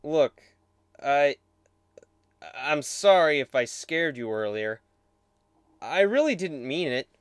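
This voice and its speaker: A man voicing a gentle, childlike male demon who is eager and easily hurt. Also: on the high side, animated, slow pace, pauses often, smooth, no echo. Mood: apologetic.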